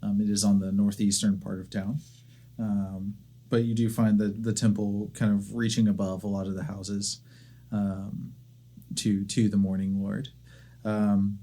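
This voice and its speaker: A man working as game master, narrating a tabletop game in a halting way with many fillers and restarts. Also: lowish voice, mellow.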